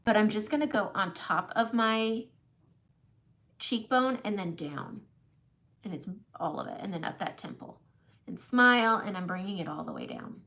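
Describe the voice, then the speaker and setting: A woman's voice: mid-range voice, big pitch swings, normal speed, pushed and bright. A middle-aged woman chatting casually through a makeup tutorial, self-deprecating and laughing often. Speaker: makeup live-stream host.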